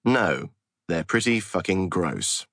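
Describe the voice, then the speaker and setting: A man's voice: low voice, sing-song, slow pace, a bit bright, no room sound, studio quality, full character voice. A man voicing a joking true crime podcast host. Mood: casual. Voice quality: casual, joking. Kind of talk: audiobook reading.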